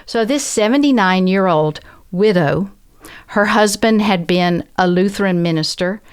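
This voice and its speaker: A woman's voice: medium pitch, measured pace, smooth. Southern woman telling a personal story. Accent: Southern American. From American South. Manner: earnest, reflective, animated storytelling with quoted voices. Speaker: guest. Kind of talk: conversational storytelling.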